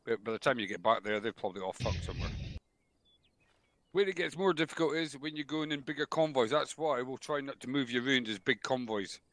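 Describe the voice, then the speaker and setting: A man's voice: mid-range voice, lively intonation, a little fast, fairly bright tone, dry recording. A man giving a blunt, sweary, jokey military briefing over a headset in voice chat. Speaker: unit instructor.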